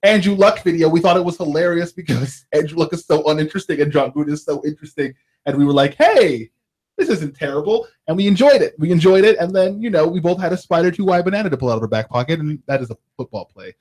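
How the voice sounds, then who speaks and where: Male sports radio co-host, a bit high, playful and quick to laugh. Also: a little mellow. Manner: joking, laughs often, playful rants. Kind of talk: sports talk radio banter.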